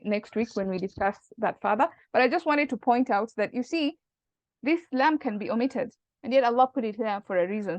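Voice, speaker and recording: A woman with a fairly high voice leads an online grammar lesson, explaining patiently and posing questions to her student. The sound is dry and close, with a dull, lo-fi call quality. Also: dry recording. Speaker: Arabic grammar teacher.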